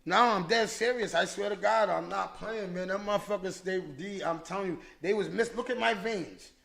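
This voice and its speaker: A man hosting a podcast tells a story in a casual, animated, profane way, often restarting and repeating words. His voice is high-pitched and gravelly, at normal speed.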